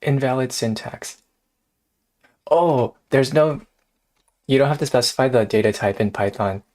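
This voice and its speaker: A man's voice: mid-range voice, a little slow, a little mellow. A man hosting a casual live coding stream, thinking aloud in a hesitant way and often laughing. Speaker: streamer host.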